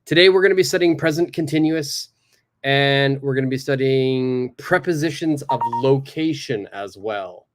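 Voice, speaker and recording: Man, English teacher running a live online class from his computer, upbeat and encouraging, drills phrases slowly. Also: mid-range voice, noisy background.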